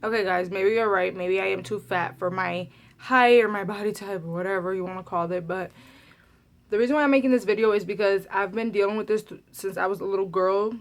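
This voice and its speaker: A woman's voice: medium pitch, fairly quick. Chatty young woman vlogger. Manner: casual, chatty, frequent "like" fillers. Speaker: beauty vlogger. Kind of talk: personal storytelling to camera.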